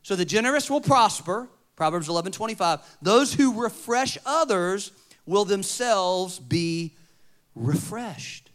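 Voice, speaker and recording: A man preaching a sermon, moving between loud emphatic points and quiet storytelling. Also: high voice, lively intonation, measured pace. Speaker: pastor.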